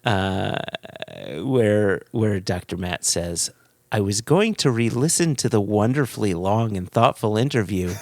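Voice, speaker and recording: A man co-hosting a casual podcast, reading a listener's email aloud and chuckling as he goes. His voice sits a little low and sounds dry and close to the mic. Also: expressive, unhurried, a little mellow, no room sound. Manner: amused, laughs through reading. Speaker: podcast co-host.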